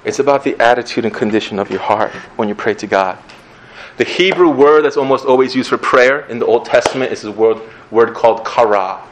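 A male pastor giving a sermon in a conversational, earnest way, with an animated delivery. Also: mid-range voice, fairly quick, slight background noise, poor audio.

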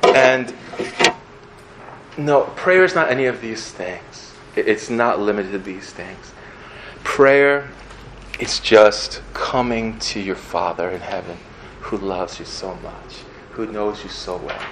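A man's voice: fairly low pitch, takes it slowly, fairly bright tone, a little hiss or hum, rough recording. Playful young man preaching. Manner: conversational and playful, acting out little scenes. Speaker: pastor. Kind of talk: casual sermon.

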